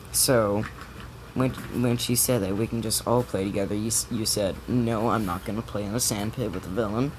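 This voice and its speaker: A man's voice: mid-range voice, noisy background, natural voice. A man doing a stern, fair female teacher.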